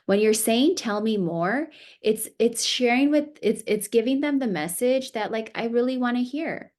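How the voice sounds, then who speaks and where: Woman, middle-aged American therapist presenting a parenting seminar, casual coaching tone, average pitch. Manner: conversational, warm coaching with acted parent quotes. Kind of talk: conference seminar talk.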